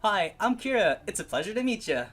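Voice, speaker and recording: A man's voice: high voice, big pitch swings, brisk, a bit bright, voice pushed up, full character voice. A man voicing a friendly, teasing young island woman in a raised, light girl voice, while reading a visual novel game aloud.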